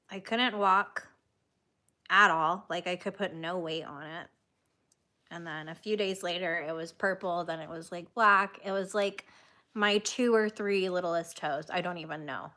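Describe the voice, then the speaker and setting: On a crochet livestream, a woman with a lowish, bright, forceful voice talks unhurriedly, reading live comments in casual chat and laughing frequently at stories on herself.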